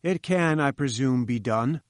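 A man voicing a domineering, irascible older male scientist who speaks in a curt, forceful, imperious way. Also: mid-range voice, lively intonation, unhurried, no echo, studio quality, natural voice.

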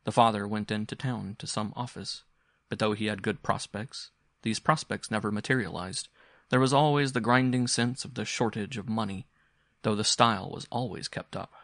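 A man reads a story in a calm, measured way. His voice sits low with a gravelly fry, and the sound is dry and close. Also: no room sound. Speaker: narrator. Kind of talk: audiobook story narration.

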